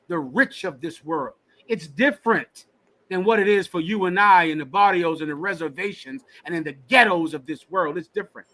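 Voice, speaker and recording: A man preaching Bible commentary in a blunt, emphatic way, hammering each point through repetition. His voice sits high for a man and rings bright and forceful. He leads the class like a teacher. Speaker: teacher leading a scripture class.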